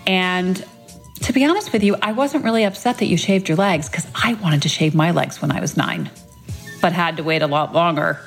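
Middle-aged mom reading a sweet birthday message, lowish voice, soft music behind. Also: female voice, moderate pace. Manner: fond storytelling, tender. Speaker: mother leaving a birthday message. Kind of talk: read-aloud birthday tribute.

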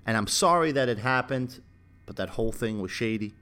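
A man's voice: medium pitch, lively intonation, a little fast, pushed and bright, smooth, soft background music. A man, hosting his own sports channel and arguing his opinions with emphatic rhetorical questions. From Brooklyn, New York. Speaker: sports commentary channel host. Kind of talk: opinionated basketball rant.

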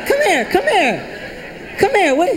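A man's voice: extremely high pitch, lively intonation, quick pace. A man playing a suspicious, fed-up mother who calls her son over. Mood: coaxing. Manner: wary then coaxing, gruff. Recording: live club recording with noisy crowd.

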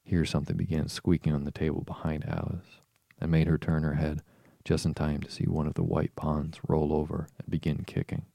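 Man reading a kids' classic, super deep creaky voice, dry close sound. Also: level tone, brisk, mellow, no room sound. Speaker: narrator. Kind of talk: storybook audiobook narration.

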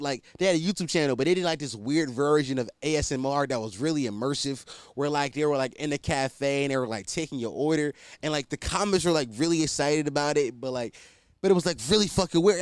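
A man's voice: a little high, clear, resonant tone, no room sound. Profane rambling young man, dry sound. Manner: profane, rambling, self-deprecating. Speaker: podcast host. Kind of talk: casual solo podcast rant.

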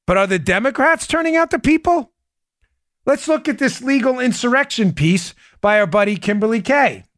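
A man hosting a political commentary podcast, talking in an animated, emphatic way and hammering home key phrases. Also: very high voice, normal speed, dry recording, studio quality. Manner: addresses listeners as "folks". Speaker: podcast host.

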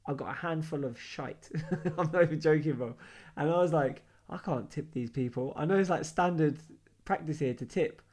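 Animated London man telling stories. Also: a little high, normal speed. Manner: animated storyteller, slangy. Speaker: podcast co-host. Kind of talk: casual chat.

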